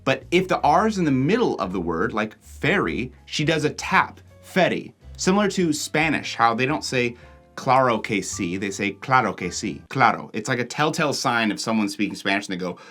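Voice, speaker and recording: A young American man from Oregon narrating a travel vlog with a chatty, animated delivery. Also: mid-range voice, fairly quick, few pauses, soft background music. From Oregon, USA. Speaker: vlogger host.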